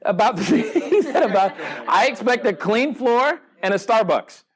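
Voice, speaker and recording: Animated man quizzing a live audience. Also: very high-pitched, normal speed. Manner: animated storyteller, quizzes the audience, acts out dialogue. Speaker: podcast host speaking at a live seminar. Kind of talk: live seminar talk with audience interaction. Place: event room with a live audience.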